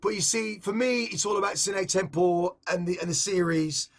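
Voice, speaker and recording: Middle-aged English man, high-pitched, rambling and intense interviewee. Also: normal speed. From England. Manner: rambling, restarts and repeats words, intense. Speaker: interviewed artist. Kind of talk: reflective casual conversation.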